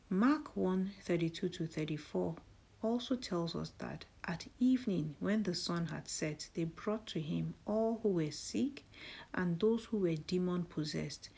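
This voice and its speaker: A woman hosting a morning devotional, praying and reading scripture aloud in a soft delivery that often drops to a breathy half-whisper. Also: lowish voice. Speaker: devotional host.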